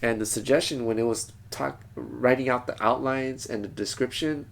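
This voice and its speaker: A man's voice: mid-range voice, fairly even intonation, normal speed, vocal fry. A man talking to camera in a casual, rambling vlog from a small home studio, thinking aloud and wandering off topic. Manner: digressive, thinks aloud with frequent restarts. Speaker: vlogger.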